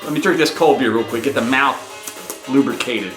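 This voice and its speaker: A man's voice: medium pitch, moderate pace, a bit bright, soft background music. Brash hype-man vlogger. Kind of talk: casual hype vlog. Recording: echoey room sound.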